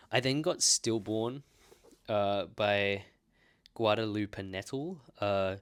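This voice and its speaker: A young man in his twenties with an Australian accent and a notably deep, low voice. He talks loosely and rambles through his book purchases with a self-mocking streak, in the easy tone of a casual vlog. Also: fairly bright tone. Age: 20s. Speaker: book vlogger. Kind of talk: casual book haul chat.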